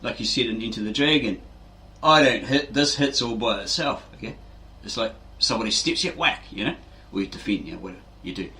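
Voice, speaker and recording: A fitness channel host talks in a fairly low, lively voice, brisk and with few pauses, his tone bright and forceful. He rambles casually through an explanation, keeps tagging lines with "right?", and acts out quotes.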